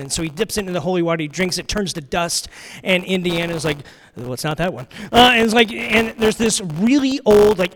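A man with a fairly high voice delivers a casual, chatty sermon. He keeps turning to his listeners with questions. He shifts between loud, bright storytelling and quiet, hushed reflection. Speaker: pastor. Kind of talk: conversational sermon.

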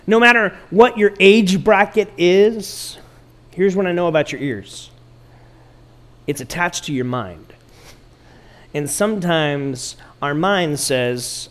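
A middle-aged man preaching a sermon as pastor, telling stories playfully and acting out quotes. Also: sits high. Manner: animated, playful storytelling with acted quotes.

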